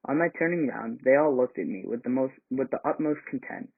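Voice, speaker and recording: A man's voice: medium pitch, creaky. Man reading a novel aloud, tinny sound. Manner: measured reading with small slips and restarts. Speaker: volunteer reader.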